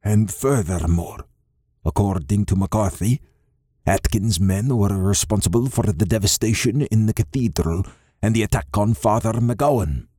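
Man voicing a gruff old Scottish clan father. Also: on the low side, unhurried, warm tone, no room sound, studio quality. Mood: gruff, commanding. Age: older. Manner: gruff, blunt, swearing.

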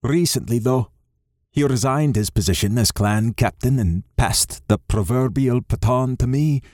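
A man narrating a novel in the first person, steady and measured. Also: medium pitch, dry recording, clean studio sound. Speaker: audiobook narrator.

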